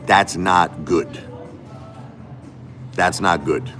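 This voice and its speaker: A man's voice: low voice, extremely slow, music in the background. A middle-aged man hosting a livestream, venting emphatically and repeating himself as he talks straight to his viewers. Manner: emphatic, repetitive, addresses viewers directly. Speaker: livestream host. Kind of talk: emotional livestream rant.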